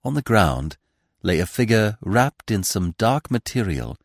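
A man narrating a classic mystery novel as a podcast reader, in a measured, expressive storytelling manner. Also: lowish voice, no echo, studio quality. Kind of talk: audiobook reading of a classic mystery.

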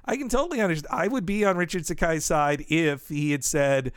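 A man's voice: a little high, a little fast, no room sound, clean studio sound. A man co-hosting a casual podcast chat, talking in a thoughtful, hedging way. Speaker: podcast co-host.

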